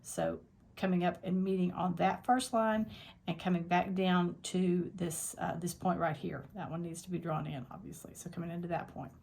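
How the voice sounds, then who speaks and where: Woman, quilting teacher, gravelly voice, lowish pitch, step-by-step tutorial, practical, thinks aloud. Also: steady tone, normal speed, darkish tone. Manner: thinks aloud while demonstrating, plain and practical. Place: quilting workspace at a longarm machine.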